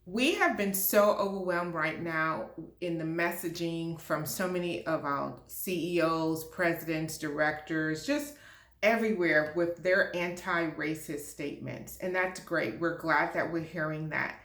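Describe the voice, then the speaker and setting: A woman's voice: deep voice, a little slow, fairly bright tone, roomy sound. A woman speaking as an HR and diversity leader, talking to camera in a passionate, emphatic rant. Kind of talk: direct-to-camera talk.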